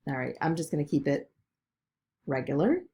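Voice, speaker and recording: Low, gravelly woman walking through software. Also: big pitch swings, normal speed. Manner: chatty, talks through each click, fillers like okay and all right. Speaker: business video tutor. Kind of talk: screen-recorded software tutorial.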